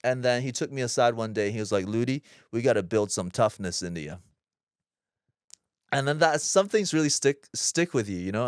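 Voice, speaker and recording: A man's voice: medium pitch, smooth, dry recording, studio quality. A man in his thirties, an actor guest telling personal stories in a chatty, self-deprecating way with loose fillers. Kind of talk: casual interview storytelling.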